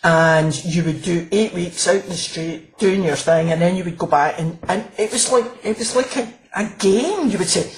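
A woman's voice: on the low side, moderate pace, few pauses, rough recording. Chatty woman, laughing storyteller. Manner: chatty, restarts often, laughs while telling stories. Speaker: crime author and former police officer. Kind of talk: casual interview chat.

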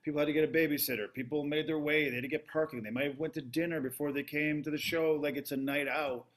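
A man's voice: fairly high pitch, steady tone, fast talker, a bit bright. A man hosting a casual chat, speaking enthusiastically and affirming his guest. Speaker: podcast host.

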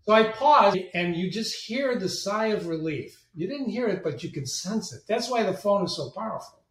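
A man telling stories as a guest in an interview, animated and acting out the voices of people he quotes. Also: high-pitched, normal speed. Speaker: guest, marketing agency president. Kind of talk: storytelling interview talk. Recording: roomy, distant from the mic.

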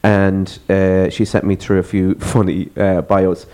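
Male podcast co-host, low-pitched, relaxed reading of funny bios. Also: a little slow. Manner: reads out dating bios with a laugh, easygoing. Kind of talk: casual chat.

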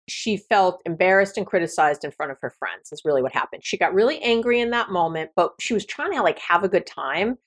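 Woman, middle-aged, therapist-host; animated solo podcast talk with playful asides. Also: mid-range voice. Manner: chatty, animated, playful asides with frequent laughs.

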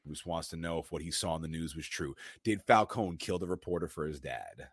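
A man's voice: extremely low pitch, a little fast, breathy edge, dry recording. A man co-hosting a podcast, casually retelling a film's plot scene by scene and acting out the characters' lines. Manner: animated retelling, quoting characters. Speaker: podcast co-host. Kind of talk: casual movie recap.

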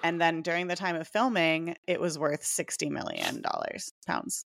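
A woman co-hosts a podcast in loose, giggly chat, often trailing off into fillers. Her voice has a gravelly fry to it. The recording is dry and close. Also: low-pitched, wildly swooping pitch, moderate pace, fairly bright tone, no echo. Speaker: podcast co-host. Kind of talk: casual chat.

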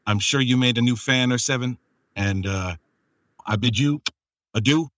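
A man's voice: mid-range voice, moderate pace, fairly bright tone, no echo. A man hosting a podcast and interviewing a guest, rambling with many fillers and frequent laughter. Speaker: podcast host and audiobook producer. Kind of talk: casual interview chat.

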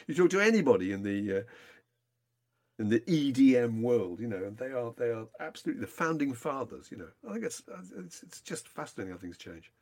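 A man co-hosting a podcast, chatting in a rapid, animated way that trails off at times. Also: mid-range voice. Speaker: podcast co-host. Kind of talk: casual chat.

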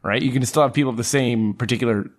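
A man's voice: medium pitch, very fast. A man playing in a tabletop game podcast, earnestly explaining and arguing his point in casual chat. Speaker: player.

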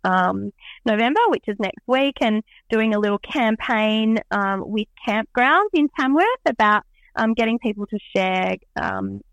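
A woman's voice: mid-range voice, very animated, a little slow, dry recording, highs cut off. A woman being interviewed as an event organiser, chatting in an upbeat, enthusiastic way with lots of "um"s. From Australia. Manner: bubbly, enthusiastic, many "um"s. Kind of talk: casual interview chat.

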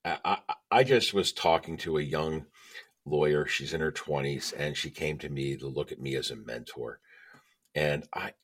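Deep-voiced man, emphatic storyteller. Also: moderate pace. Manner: emphatic storyteller, checks in with "okay?". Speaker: podcast guest. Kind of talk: casual interview chat.

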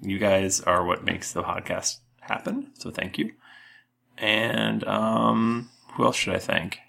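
Man, very deep, gravelly, bright sharp tone, podcast host, dry offhand delivery. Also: expressive, slow. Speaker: podcast host and game master. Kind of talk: casual chat.

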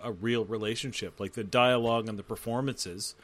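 A man's voice: mid-range voice, steady tone, brisk, no room sound. A man co-hosting a podcast, chatting casually about a movie, with lots of swearing and "like" fillers. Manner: swears a lot, fills with "like", acts out lines. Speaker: podcast co-host. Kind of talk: casual movie commentary chat.

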